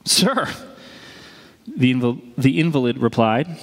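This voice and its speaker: A man preaching a sermon as pastor, speaking in a lively, conversational way and acting out quoted lines. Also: on the high side, moderate pace, pauses often. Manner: animated, conversational, acts out quotes. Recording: reverberant hall.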